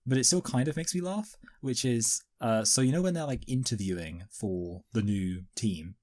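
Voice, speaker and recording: A man's voice: medium pitch, moderate pace, darkish tone. A man co-hosting a casual movie review chat, rambling with lots of fillers and self-corrections. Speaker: podcast co-host.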